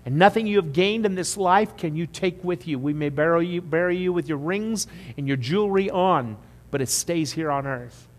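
A man preaching a sermon as pastor, emphatic at the peaks and quiet and slow when he appeals to the congregation. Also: fairly high pitch. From United States. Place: church sanctuary. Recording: long church reverb.

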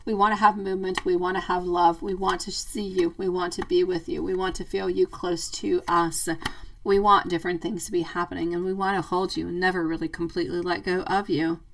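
A woman hosting a live tarot reading, chatty and affectionate, calling her listeners sweetie and love, playful and quick to laugh. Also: fairly low pitch, flat delivery, far from the mic, rough recording. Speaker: tarot reader.

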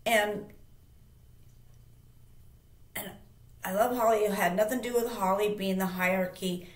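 Brief: woman host, mid-pitched, emphatic rambling storyteller, echoey room. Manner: emphatic, rambling with restarts and repeats. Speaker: channel host. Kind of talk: casual personal storytelling. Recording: roomy echo.

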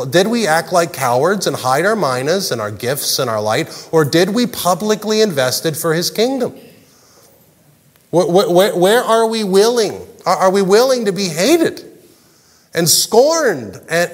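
Earnest high-voiced male pastor preaching. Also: long reverb tail. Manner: earnest, repeats words when stressing a point. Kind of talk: sermon.

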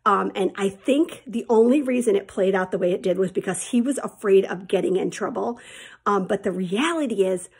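A woman's voice: mid-range voice, normal speed, gravelly, darkish tone, breathy edge. A woman teacher telling her students a personal story in a chatty, candid way and calling them friends.

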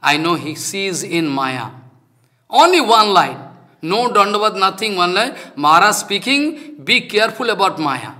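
A man's voice: high-pitched, very animated, unhurried, pushed and bright. An older man, a spiritual teacher whose first language is Bengali, giving a devotional lecture in an emphatic, repetitive manner with non-native phrasing.

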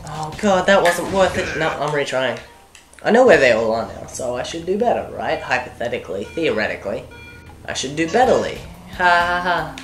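A woman's voice: low voice, big pitch swings, normal speed. A young woman giving rambling, jokey let's play commentary, talking to herself as she plays. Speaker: gaming commentator. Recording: echoey room with game music behind.

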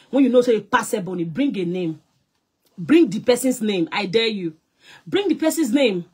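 Nigerian actress ranting on a live stream; husky voice, loud and scolding, swings in pitch and volume. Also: female voice.

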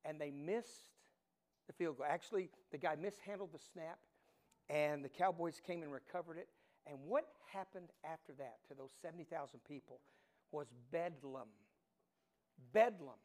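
High-voiced preacher telling stories. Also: male voice, normal speed. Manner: animated storytelling, swings from hushed to loud. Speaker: pastor. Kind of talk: sermon.

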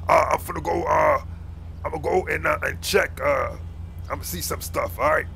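A blustering, incompetent street cop in a comedy skit, played by a man, barking orders then fumbling and muttering to himself. His voice sits high and bright with a gravelly fry. Faint background hiss. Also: moderate pace, heavily acted. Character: bossy, bumbling young male street cop.

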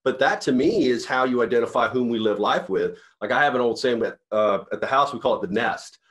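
A man's voice: mid-range voice, a little fast, fairly bright tone. A man, a company CEO, giving a motivational talk to sales reps in an earnest, rambling storytelling way with many restarts.

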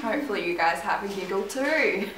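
Australian woman guest, bright, unhurried, laid-back, faint hiss behind. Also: mid-range voice, animated. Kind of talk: casual vlog chat. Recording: echoey room, camera from far off, faint hiss.

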